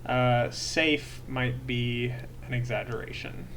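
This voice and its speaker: Chill dude running a tabletop game, mid voice, lots of background hiss. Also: male voice, medium pitch, takes it slowly, vocal fry. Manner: relaxed, many fillers and self-corrections. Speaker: game master. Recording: noisy home recording.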